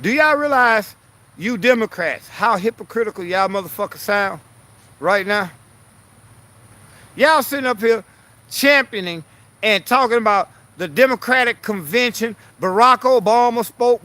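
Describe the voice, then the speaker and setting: A man's voice: very high voice, measured pace, pushed and bright. A man ranting bluntly and profanely as a political commentary vlogger, repeating himself to press his point.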